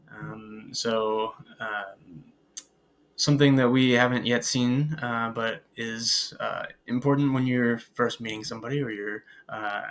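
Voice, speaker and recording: A man teaching a beginners' French lesson over slides, patient and filling pauses with "uh" and "um" as he models French phrases. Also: medium pitch, fairly bright tone. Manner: patient, many filler "uh"s and "um"s; switches into careful French pronunciation models. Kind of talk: recorded slide lecture.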